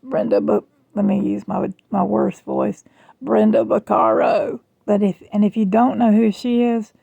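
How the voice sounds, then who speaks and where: Chatty Southern woman, gravelly voice. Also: medium pitch, fairly even intonation, moderate pace, dry recording, phone-quality sound. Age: middle-aged. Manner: chatty, rambling, self-deprecating. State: strained, rough voice. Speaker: jewelry vlogger. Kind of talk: casual chat. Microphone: phone camera.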